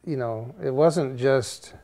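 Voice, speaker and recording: A man speaking hesitantly in a documentary interview, with pauses, fillers and restarts. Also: medium pitch, dark tone.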